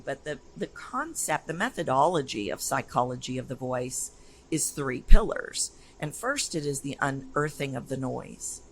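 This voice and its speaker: A woman with a deep voice is interviewed as a voice coach guest in a casual conversation, heard over slight background noise in a rough recording. She tells stories in an energetic, emphatic, animated way.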